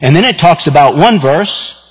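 A man, preaching a sermon and telling stories in an animated way. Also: on the high side, moderate pace, slightly rough. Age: 50s. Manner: animated storyteller, acts out dialogue. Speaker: pastor. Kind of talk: sermon with personal storytelling. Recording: long reverb of a large hall.

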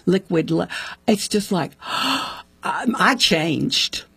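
A woman telling the story of her conversion in conversation. She acts out what people said with sudden jumps in pitch and laughs often. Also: big pitch swings, extremely slow, vocal fry, pushed and bright, slightly rough, dry recording. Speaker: guest sharing her faith testimony.

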